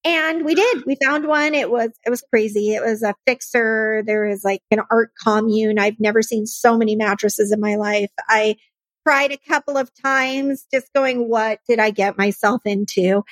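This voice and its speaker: A woman's voice: fairly high pitch, moderate pace, no echo. Earnest woman telling her story. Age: adult, married. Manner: earnest, emotional, animated storytelling. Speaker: nonprofit founder and guest. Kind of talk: personal storytelling in a podcast interview.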